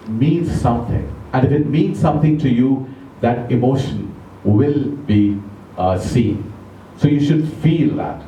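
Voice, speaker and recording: A man with an Indian English accent giving a measured, emphatic talk on public speaking to a club audience. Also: mid-range voice, mellow, recorded from a distance, a little hiss or hum. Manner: measured, emphatic, slows down to stress words. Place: large club meeting room. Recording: echoey room, speaker off mic.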